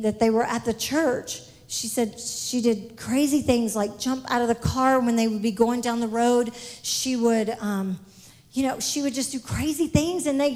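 A woman giving an exuberant missionary testimony in church, shouting praise and laughing often. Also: high voice.

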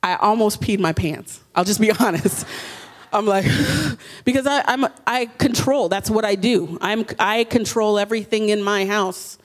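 A woman in her thirties speaks to a women's gathering and shares a personal faith testimony. Her voice sits at an ordinary middle pitch. She talks candidly and with animation, and pokes fun at herself as she goes. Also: moderate pace, hardly any pauses. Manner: candid and animated, with self-mocking humor.

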